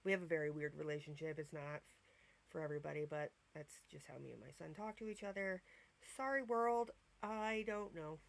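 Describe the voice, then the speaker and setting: A woman in her thirties talks straight to camera from home in a loose, rambling vlog. Her voice carries a gravelly fry, and she swears freely while poking fun at herself. She keeps wandering off topic and then pulling herself back. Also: low voice, steady tone, fairly quick. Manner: profane, rambling, self-mocking. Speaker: vlogger. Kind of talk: casual storytelling vlog. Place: at home, in bed.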